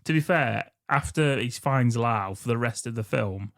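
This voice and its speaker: A man's voice: mid-range voice, unhurried, gravelly, no echo. A man with a mid-range voice walks through a film's plot as a podcast co-host. He is wry and crude and laughs often. The sound is dry and close, with no room around it. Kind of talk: casual chat recapping a film.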